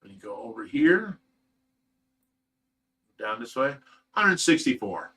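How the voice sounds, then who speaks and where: A man's voice: medium pitch, sing-song, takes it slowly, a bit bright. A man hosting a livestream, giving an earnest, emotional personal update in a rambling, casual way. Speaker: livestream host of a fish rescue.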